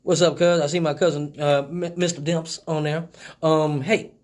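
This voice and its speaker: A man's voice: fairly high pitch, level tone, moderate pace. A man hosting a casual live stream, talking loosely and profanely, joking with viewers. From Michigan.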